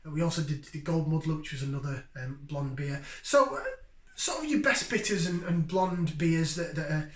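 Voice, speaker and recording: A fairly high-voiced man from Yorkshire, England hosts a beer review channel, chatting with his viewers enthusiastically at a moderate pace in a casual vlog. The room is roomy and noticeably echoey.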